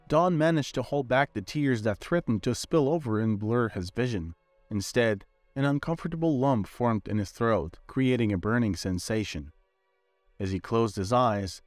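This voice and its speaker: Male storyteller, measured scripted narration, faint music bed. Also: mid-range voice, a little mellow, no room sound.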